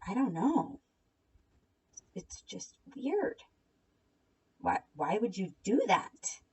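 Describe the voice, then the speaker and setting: A woman's voice: medium pitch, sing-song, very slow, a little mellow, dull audio, slight background noise. A young woman recapping and reacting to online drama in a blunt, sarcastic, casual way, swearing freely. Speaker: commentary vlogger. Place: home at night.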